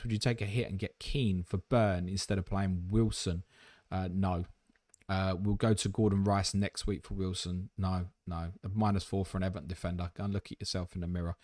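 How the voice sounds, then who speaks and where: A man hosting a fast casual livestream, reading out viewer questions and answering them bluntly with jokes. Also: lowish voice, no room sound, studio quality. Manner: blunt, jokey, reads viewer questions aloud.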